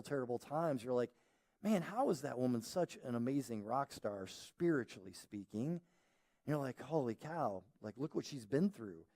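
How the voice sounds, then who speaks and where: A man's voice: sits high, mellow. A male pastor preaching a conversational sermon, acting out quoted voices as he goes. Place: church auditorium.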